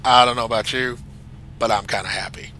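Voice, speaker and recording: A chatty man gives casual, enthusiastic commentary full of rambling asides. His voice is very bright and forward, with a faint background hiss. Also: mid-range voice, fairly even intonation, brisk, poor audio. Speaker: flight simulator reviewer.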